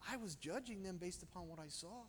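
Male preacher with a high voice, storytelling sermon with sharp swings in loudness, in a reverberant hall. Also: animated, a little fast, a little hiss or hum. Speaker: pastor.

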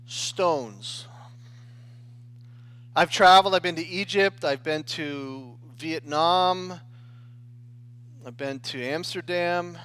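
A man's voice: fairly high pitch, slow, pauses often, fairly bright tone. A man preaching a sermon in a conversational style, often checking in with the listeners and restarting his phrases. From United States. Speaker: pastor.

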